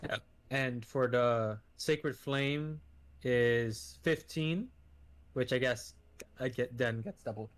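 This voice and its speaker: A man's voice: medium pitch, slow. A man playing a tabletop game who keeps asking to confirm the rules. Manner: checks rules with many questions. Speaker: player.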